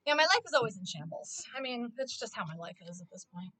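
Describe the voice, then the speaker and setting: A young woman streaming from home, her voice set high and swooping all over the place. The tone is bright and sharp, and she rants in a loose, foul-mouthed way into a desk mic. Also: quick pace, low-quality recording. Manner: animated, profane ranting. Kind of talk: casual live-stream commentary.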